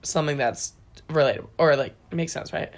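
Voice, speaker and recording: A woman's voice: deep voice, brisk. A young woman co-hosting in casual chat, rambling and laughing often.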